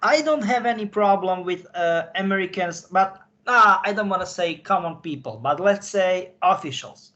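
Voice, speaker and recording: A man speaking in casual conversation, halting and searching for his words. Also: high-pitched, animated, bright, forceful tone. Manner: halting, searching for words in non-native English. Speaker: podcast guest insider. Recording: dull lo-fi audio.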